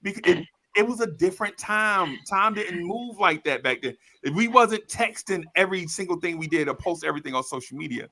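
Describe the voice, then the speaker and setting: A host with a high-sitting voice and brisk pace tells a funny story from his own life. He's casual and animated, laughs often, and calls the listener "bro."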